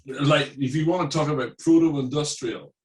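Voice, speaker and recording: A man's voice: a little high, steady tone, normal speed, far from the mic, low-quality recording. A middle-aged Irish-born man with a mid-Atlantic accent, telling chatty stories as a musician guest in an interview. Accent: mid-Atlantic with Irish traces. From Ireland. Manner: chatty anecdotal storyteller. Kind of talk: casual interview storytelling.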